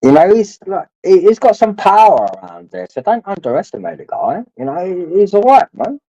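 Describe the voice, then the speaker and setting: A man rambles through a livestream chat, swearing freely and calling his viewers lads while he nurses a drink. His voice is dark and mellow and rises and falls a great deal. The audio is dull and dry, like a cheap stream mic. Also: sits high, very animated, fairly quick, no room sound.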